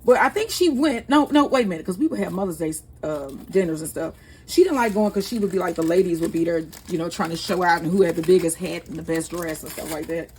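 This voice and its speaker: A woman, talking through a home cooking video in a loose, rambling way. Her voice sits a little low. A faint hum of noise stays under it the whole time. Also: quick pace, darkish tone. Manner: chatty, rambling, laughs easily. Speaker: cooking channel host. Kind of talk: casual cooking vlog chat.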